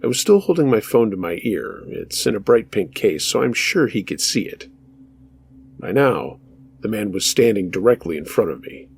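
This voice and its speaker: A man narrating true scary stories in a measured, steady storytelling manner as the show's host. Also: on the low side, gravelly, slightly rough.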